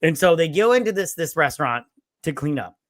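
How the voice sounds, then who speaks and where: A man co-hosting a movie review podcast, retelling scenes in an animated way, jumping into character voices and swearing freely. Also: on the high side, fairly quick, no room sound, clean studio sound. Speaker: podcast co-host. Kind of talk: casual movie review chat.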